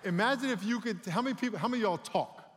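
A man preaching a sermon as pastor, animated and calling on the congregation to respond. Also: sits high, racing, big-room sound.

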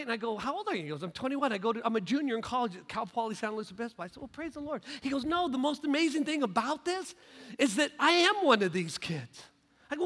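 A middle-aged man preaching a sermon to a live audience in a big sanctuary, emphatic, swinging from hushed to shouting. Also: very high voice, expressive, fast talker. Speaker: pastor. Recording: long reverb of a large hall.

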